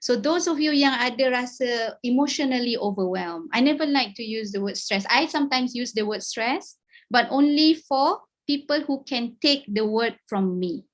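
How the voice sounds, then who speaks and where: A woman's voice: fairly high pitch, lively intonation, normal speed. A middle-aged woman with a Malaysian accent giving an encouraging talk over a video call, mixing English and Malay and checking in often with "okay?". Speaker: guest speaker. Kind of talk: webinar talk.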